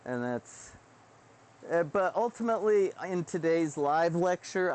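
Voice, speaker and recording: A man's voice: fairly high pitch, animated, a little slow, a little mellow. A man in a rambling, profane, self-deprecating live-stream monologue, recorded indoors on a webcam setup.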